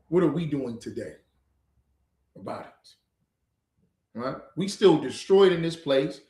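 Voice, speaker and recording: A man's voice: on the high side, roomy sound. A man teaching a livestreamed scripture class, lecturing emphatically with rhetorical questions.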